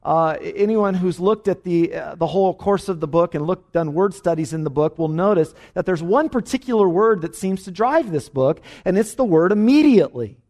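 A man, a pastor, teaching an evening Bible study in an emphatic, animated way, with frequent "uh" fillers. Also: high-pitched, normal speed, few pauses.

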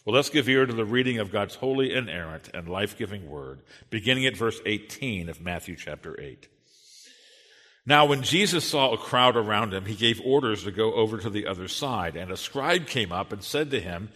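A man preaching a sermon and reading scripture aloud in an earnest, measured way. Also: medium pitch, very animated, fairly bright tone, long reverb tail. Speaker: pastor.

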